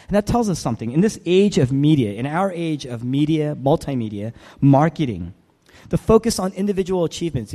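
A man's voice: fairly high pitch, mellow. A man preaching a sermon, emphatic and fond of repetition and rhetorical questions. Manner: emphatic, repeats phrases, asks rhetorical questions. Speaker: pastor. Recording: long hall reverb.

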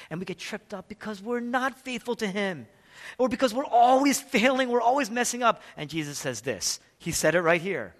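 A male pastor preaching a sermon, emphatic, asking questions and answering them, and swinging from loud passages to hushed ones. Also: high voice, expressive, normal speed. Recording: long reverb of a large hall.

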